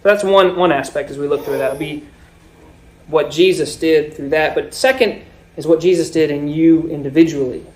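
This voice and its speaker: A man preaching a sermon, explaining scripture with swells and sudden drops in loudness. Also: on the high side, moderate pace. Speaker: pastor.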